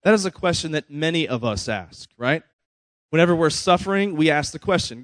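A man's voice: a little high, lively intonation, a little fast, fairly bright tone, dry recording. A man preaching a sermon in a conversational way, often checking in with his listeners. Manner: conversational preaching, frequent "right?" asides. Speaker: pastor.

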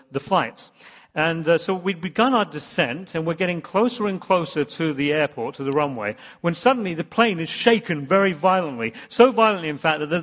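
A slightly high-voiced man preaches from the front of a church, telling a rambling, self-deprecating story full of false starts. His voice rings with a long reverb in a big hall, and the recording sounds somewhat dull and muffled. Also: fairly bright tone. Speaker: pastor. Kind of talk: sermon.

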